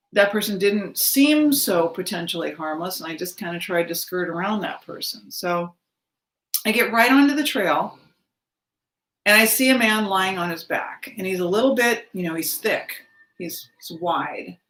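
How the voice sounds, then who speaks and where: A woman's voice: medium pitch, lively intonation, measured pace, fairly bright tone, echoey room. A woman in her fifties telling a personal story in a casual monologue, acting out the voices of the people in it. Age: 50s. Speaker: spiritual vlogger.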